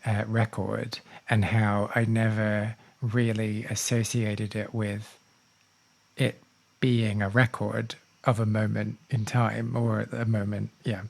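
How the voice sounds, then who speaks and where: A man hosting a casual podcast interview, animated and excitable, laughing often and swearing now and then. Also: on the low side, slow, gravelly. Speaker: podcast host.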